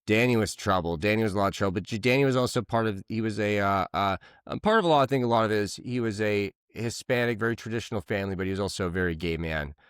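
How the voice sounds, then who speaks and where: Male podcast co-host, loose, profane storyteller with a smooth, clear voice, dry close mic. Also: lowish voice, quick pace, hardly any pauses, no room sound. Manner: rambling, crude anecdotal storyteller. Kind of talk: casual chat.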